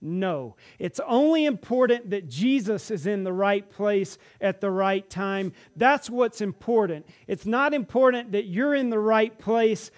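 A man with a notably high-pitched voice delivers a storytelling sermon in a church. He is animated, dropping into the voices of the people in the stories he tells. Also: a little slow, few pauses. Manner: animated, acts out the characters' lines in the stories. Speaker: preacher.

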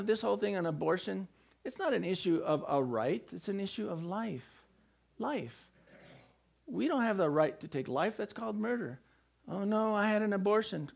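A man's voice: on the high side, vocal fry, a little mellow. A male pastor preaching a sermon, emphatic and firing rhetorical questions at the congregation.

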